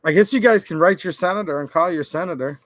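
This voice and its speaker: This Michigan political YouTuber's voice sits high and a bit bright, and he talks fast, with no echo in the audio. He's ranting with sarcasm during a late-night political livestream, imitating senators in quoted voices to mock them.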